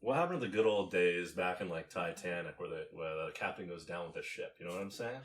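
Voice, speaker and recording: A man's voice: low voice, lively intonation, fast, slight background noise. A man from Canada co-hosting a casual movie podcast, rambling with lots of fillers and swearing. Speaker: podcast co-host. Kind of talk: casual movie review chat.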